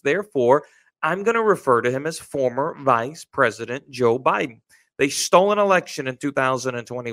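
A man's voice: mid-range voice, a bit bright. A man on a radio interview as a political candidate, emphatic and speechlike, often repeating himself. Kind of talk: radio interview, campaign talk.

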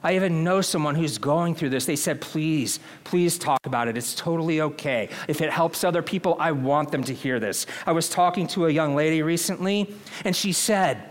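A pastor delivers a sermon in an earnest, conversational manner and keeps putting questions to the congregation. His male voice sits on the higher side, and he speaks at a moderate pace.

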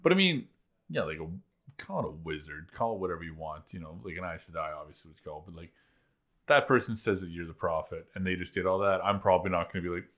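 A man in casual chat recapping a TV episode, animated and acting out characters' lines. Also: deep voice, fast. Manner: animated, acts out lines in put-on voices.

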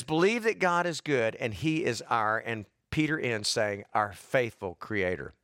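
A man's voice: on the high side, a bit bright, no room sound, studio quality. A man preaching a sermon, folksy and conversational, building to emphatic repeated lines, his voice a little worn and short of breath. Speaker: pastor.

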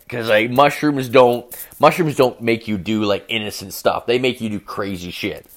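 Profane, rambling young man with a lowish voice. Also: animated, moderate pace, few pauses. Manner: profane, rambling, heavy use of filler "like". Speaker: podcast host. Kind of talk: casual storytelling monologue.

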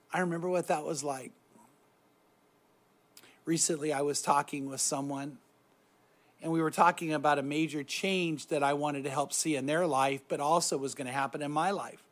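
A middle-aged man giving a reflective devotional talk on meditation, soft-spoken and often trailing off quietly. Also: a little high. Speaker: Christian speaker guiding meditation.

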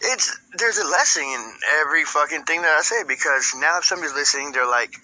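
Profane rambling man with a bright voice. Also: fairly high pitch, expressive, fast, few pauses, rough recording. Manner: profane, rambling, constant "right?" tags. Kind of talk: crude personal storytelling.

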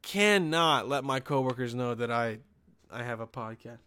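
In a casual, cursing rant, a young man hosting a podcast keeps restarting and throwing in sarcastic "okay?" asides. His mid-range voice has lively intonation and a moderate pace, with a pushed, bright, clear, resonant tone.

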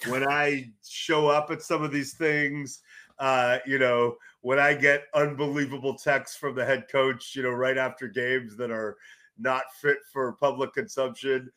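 A middle-aged man from California, a sports journalist and guest, telling loud, rambling stories in casual podcast chat. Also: mid-range voice, unhurried. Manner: animated storyteller, loud, rambling with restarts.

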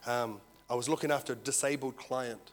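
A man, a lay preacher giving prophetic words and an animated personal testimony. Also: medium pitch, fairly quick. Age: 40s. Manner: animated storyteller, swings from soft personal words to loud exclaiming.

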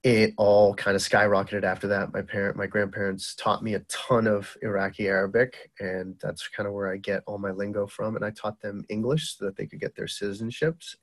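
A man in his thirties with a Boston accent, a guest telling stories in casual chat, lively and full of asides. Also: lowish voice, normal speed. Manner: lively storyteller who acts out quotes with filler-heavy asides.

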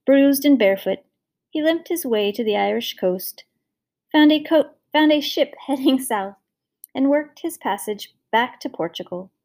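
Storyteller, female, slightly high voice; measured, expressive fairy-tale reading. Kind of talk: scripted storybook narration.

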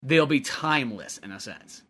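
A man's voice: mid-range voice, lively intonation, moderate pace, a bit bright. A man co-hosting a podcast in casual chat, hedging and rambling with many fillers. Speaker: podcast co-host.

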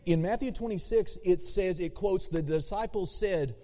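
A man preaching a sermon as a pastor, animated, swinging between loud emphasis and hushed asides. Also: high-pitched, normal speed. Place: church sanctuary. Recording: long hall reverb.

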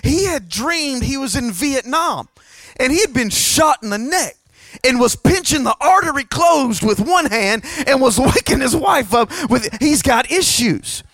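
A man's voice: extremely high pitch, animated, a little slow, a bit bright, no echo. A middle-aged man, preaching a sermon with humorous stories and calls to the congregation for a response.

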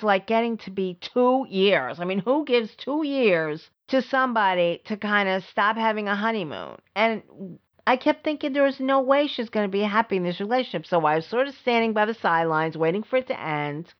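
A middle-aged woman hosting a podcast, telling a personal story in an emphatic way, repeating words for stress and swinging between high and low. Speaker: podcast host. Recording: slightly dull lo-fi audio.

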